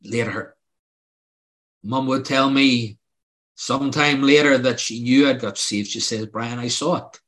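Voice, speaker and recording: A man's voice: mid-range voice, steady tone, a little slow, fairly bright tone. An older man preaching a sermon, telling his own testimony in an earnest, pleading way that rises to emphatic outbursts.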